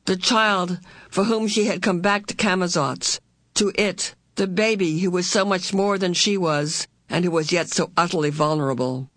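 A woman narrating a storybook in a slow, deliberate, heartfelt way, lifting into the characters' voices for their lines. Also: on the low side, fairly even intonation, a bit bright, no room sound, studio quality. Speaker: audiobook narrator. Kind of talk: expressive storybook reading.

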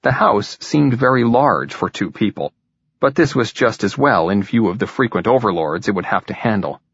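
A man reading a novel aloud in measured, even scripted narration with a husky voice. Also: lowish voice, no room sound. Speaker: audiobook narrator. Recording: dull, dry lo-fi recording.

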